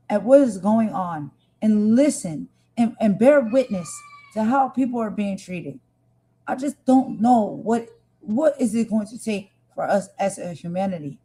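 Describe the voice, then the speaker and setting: Woman, live stream host, heartfelt commentary, emphatic, repeats herself, mid-pitched voice. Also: mellow, breathy edge, low-quality recording. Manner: emphatic, repetitive, talks straight to viewers.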